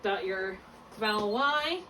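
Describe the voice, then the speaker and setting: A woman tutoring one-on-one in a phonics lesson, patient and encouraging, slowly spelling out letters and sounds. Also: medium pitch, animated. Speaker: reading tutor. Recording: distant mic with clear background hum.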